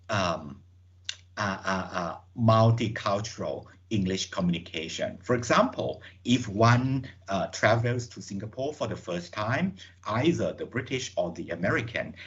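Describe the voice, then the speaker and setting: A man giving a webinar lecture to teachers, reading from slides in a measured way with many fillers and repeated words. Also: lowish voice, muffled recording. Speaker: webinar speaker on English teaching. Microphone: computer mic on a video call.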